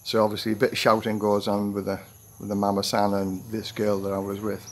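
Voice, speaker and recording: A man's voice: fairly low pitch, monotone, brisk, slight background noise. A retired man in his sixties telling a rambling personal anecdote to camera, full of restarts and acted-out quotes. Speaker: vlogger. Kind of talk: storytelling monologue.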